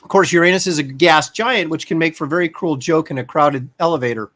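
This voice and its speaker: A man's voice: on the high side, quick pace, a bit bright. A man hosting a live stream, joking around and reading out viewers' comments. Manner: jokey, reads out chat comments. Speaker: host. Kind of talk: casual live-stream chat.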